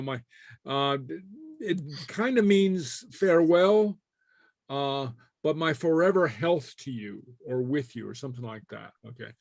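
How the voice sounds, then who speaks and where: A man leads a relaxed class, stopping often on "uh" and chuckling between his points. His voice sits in a middle range and sounds dry and close to the mic, with no room around it. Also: mid-range voice, dry recording. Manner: hesitant, many fillers and chuckles. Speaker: Gaelic teacher. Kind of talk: casual online class.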